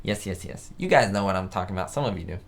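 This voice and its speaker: A slightly low-voiced man from the United States chats casually on his live stream. He rambles from one thought to the next and reads viewer comments aloud as he goes. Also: lively intonation, quick pace, gravelly. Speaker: host of a live chat show. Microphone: webcam setup.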